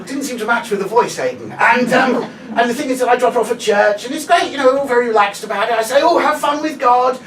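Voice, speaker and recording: A man's voice: very high-pitched, expressive, fast talker. A male comedian doing live stand-up, chatty and sweary, bantering with the audience. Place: small live comedy venue. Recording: echoey room, distant mic, loud ambient noise.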